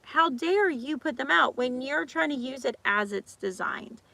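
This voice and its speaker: Woman, vlogger, casual rant, higher voice, dry close sound. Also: creaky, dry recording. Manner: animated, ranting, acts out quoted people; talks fast with restarts and repeats. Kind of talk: casual chat.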